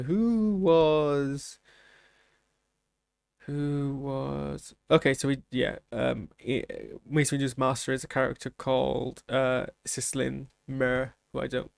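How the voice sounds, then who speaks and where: A man's voice: medium pitch, creaky, no room sound. A man hosting a reaction video in casual commentary, rambling and thinking aloud with many restarts. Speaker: trailer reaction host.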